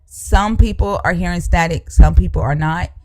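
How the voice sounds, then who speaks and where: Streamer host, blunt and cussing, keeps repeating themself at callers, middle pitch. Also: moderate pace, darkish tone. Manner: blunt, profane, repeats demands insistently. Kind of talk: heated live-stream debate with callers. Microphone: live-stream microphone.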